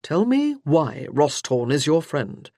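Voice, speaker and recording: A woman's voice: sits low, big pitch swings, takes it slowly, dark tone, dry recording, studio quality, heavily acted. A woman voicing a stern, grave man, a former army officer, in an audiobook.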